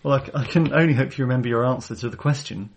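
A man hosting a guest podcast segment, talking in a deadpan, mock-stern way. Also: mid-range voice, racing, creaky, breathy edge. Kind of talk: casual chat.

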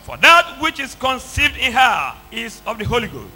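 A man reading scripture aloud line by line in a measured way during a sermon. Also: very high-pitched, wildly swooping pitch, pushed and bright, breathy edge, low-quality recording. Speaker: scripture reader.

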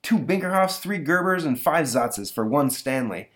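A man's voice: a little high, animated, normal speed, fairly bright tone, voice pushed up. A man voicing an exasperated mother worn out by her young son. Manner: weary, fussing. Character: exasperated mother of a wild little boy.

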